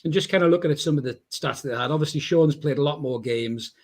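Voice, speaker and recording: A man's voice: on the high side, fast talker. An English man hosting a casual football podcast, chatty and full of banter, swearing now and then. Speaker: podcast host.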